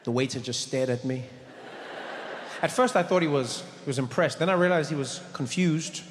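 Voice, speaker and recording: A man telling a stand-up story, animated and swinging in pitch and volume. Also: normal speed. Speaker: stand-up comedian. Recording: echoey hall with noise.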